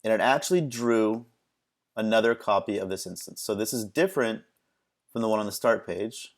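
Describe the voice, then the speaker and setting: A man presenting a screen-recorded software tutorial, talking casually and haltingly with many ums and restarts. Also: fairly low pitch.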